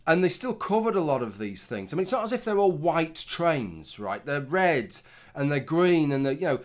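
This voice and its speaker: A man's voice: on the high side, sing-song, moderate pace. A middle-aged man giving a casual, rambling opinion commentary, swearing often and restarting his sentences. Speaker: commentary vlogger.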